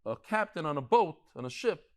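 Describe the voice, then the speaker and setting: A man teaching a class with a slightly raised pitch. He tells one anecdote after another with animated energy, doubling back and repeating words as he goes. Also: a little fast. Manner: frequent restarts and stammered repeats. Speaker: rabbi teaching a daily Talmud class. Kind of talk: lively storytelling lecture to a live class.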